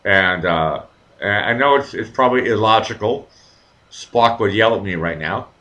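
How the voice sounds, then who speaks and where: A man with a lowish voice, speaking at normal speed on poor audio, hosts a live talk show. He rambles through animated stories in a casual chat, swearing freely along the way.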